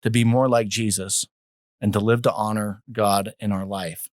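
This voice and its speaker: A man with a lowish voice hosts a podcast, speaking in a measured, teaching tone as he draws on scripture. The recording is dry and close-miked. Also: level tone, darkish tone, no echo. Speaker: podcast host. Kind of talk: podcast conversation with scripture references.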